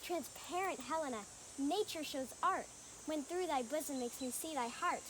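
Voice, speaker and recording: A woman's voice: sits high, normal speed, a little hiss or hum, close to an everyday voice. A young woman playing an ardent young male lover, reciting verse steadily and earnestly at an outdoor youth stage performance.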